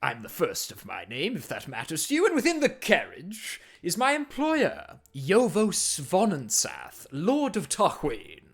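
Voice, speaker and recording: A man's voice: high-pitched, huge pitch swings, a little slow, few pauses, breathy edge, pitched above the performer's own voice, exaggerated voice. A man voicing a grand, courteous armored human warrior in a tabletop game, with a formal and effusive manner. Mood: grandly courteous. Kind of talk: tabletop role-play voicing.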